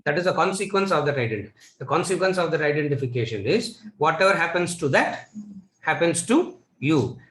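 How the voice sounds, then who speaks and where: A man's voice: a little high, big pitch swings, a little fast, a bit bright, roomy sound, low-quality recording. A man with a Tamil-influenced Indian English accent gives a spiritual lecture. He repeats his key lines and asks the listeners rhetorical questions. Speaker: Vedanta teacher.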